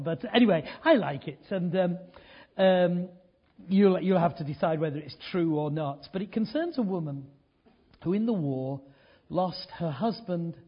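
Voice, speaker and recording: An older man preaching a sermon, telling a story earnestly, dropping to hushed tones and rising to emphatic points. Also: fairly high pitch, husky, highs cut off.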